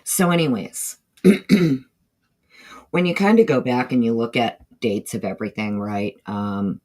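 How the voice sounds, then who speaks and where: On her casual livestream, a woman from the northeastern United States talks in an extremely low, darkish voice with a Southern drawl, moving slowly. She keeps things chatty, greeting people in the chat by name as she goes.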